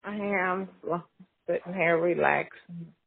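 A woman chatting casually on a live stream call, relaxed and unhurried, sighing between phrases. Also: on the low side, gravelly, breathy edge. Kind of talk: casual phone chat. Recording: tinny phone line.

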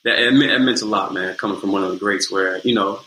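Bright-voiced young man, echoey room. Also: fairly low pitch, fast, slight background noise. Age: young adult. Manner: loose, repeats words, "you know what I'm saying". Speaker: guest actor. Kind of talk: casual interview storytelling.

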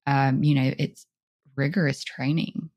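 A woman with a notably deep voice co-hosts a true-crime podcast. She narrates and chats in a relaxed way, thinking aloud as she goes. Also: a little slow, breathy edge. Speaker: podcast co-host.

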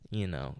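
A man's voice: high voice, a little mellow, dry recording, studio quality. A young man on a podcast telling a story in casual, rambling chat, swearing often and filling gaps with "like" and "you know". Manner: rambling, profane, heavy use of "like" and "you know". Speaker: podcast co-host.

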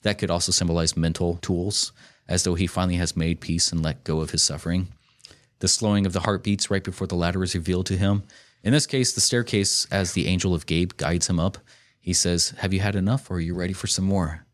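A man's voice: sits low, fairly even intonation, fairly quick. A man hosting a casual podcast, explaining a film in a thoughtful, rambling way with small asides. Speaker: podcast host reviewing a film.

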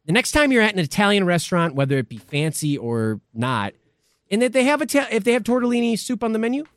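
Podcast dude, playful storyteller, swears a lot, super expressive up and down pitch. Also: male voice, fast, dry recording, clean studio sound. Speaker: podcast co-host. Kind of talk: casual chat.

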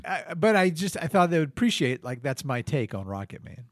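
A man's voice: a little high, sing-song, brisk, dry recording. A man hosting a comedy podcast, talking in a dry, theatrical, self-mocking way. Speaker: podcast host. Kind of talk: comedic improvised banter.

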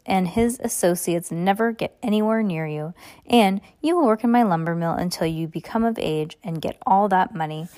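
A woman's voice: medium pitch, a little mellow, lightly acted. Woman voicing a bossy mill boss. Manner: brusque and dismissive. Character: gruff male mill owner, bossy and greedy.

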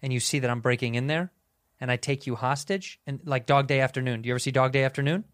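A man co-hosting a podcast, enthusiastically pitching ideas in casual, profane chat. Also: steady tone, fast, dry recording, clean studio sound. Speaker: podcast co-host.

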